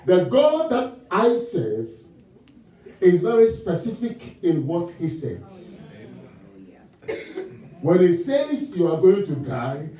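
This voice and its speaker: A man from Ghana preaching a sermon in an animated way, asking the congregation call-and-response questions and laughing along with his own stories. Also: sits high, slow pace, pauses often. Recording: distant mic in a reverberant church hall, muffled.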